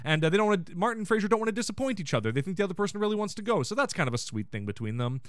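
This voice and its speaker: A man hosting a podcast, recapping a sitcom episode in casual chat and quoting the characters in quick put-on voices. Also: sits high, very animated, fairly bright tone, dry recording, studio quality. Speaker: podcast host.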